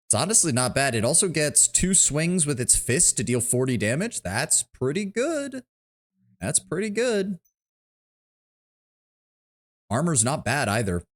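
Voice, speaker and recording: A man streaming a video game, chatting casually with some swearing and enthusing about mechs. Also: lowish voice. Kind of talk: casual gaming livestream commentary.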